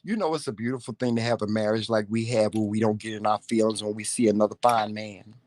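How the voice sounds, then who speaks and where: A man co-hosting a casual couple vlog, telling a story in an animated, teasing way with plenty of salty language. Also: on the low side, fast talker, no echo. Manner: salty, profane. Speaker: vlog co-host.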